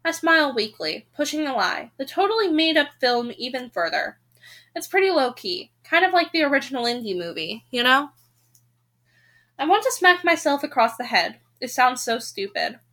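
A woman's voice: sing-song, moderate pace. A woman reading a young adult novel aloud chapter by chapter, doing the characters' lines in her own voice. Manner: breaks off reading to rant, swearing and laughing; quiet, low-key aside after the break. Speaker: audiobook reader.

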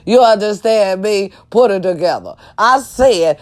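A woman's voice: mid-range voice, lively intonation, measured pace. A woman talking casually to her viewers, telling a story with profanity and sudden shrieks. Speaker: vlogger.

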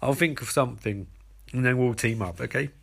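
A man's voice: mid-range voice, fairly quick, vocal fry, fairly bright tone, husky. A man voicing a cocky, sly male career criminal in a jokey retelling, with a drawling, casual manner. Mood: smug.

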